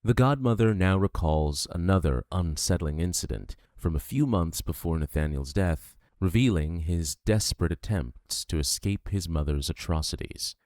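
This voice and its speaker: A man narrating a true crime documentary from a script in a measured, grave delivery. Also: sits low, expressive, darkish tone, dry recording, clean studio sound.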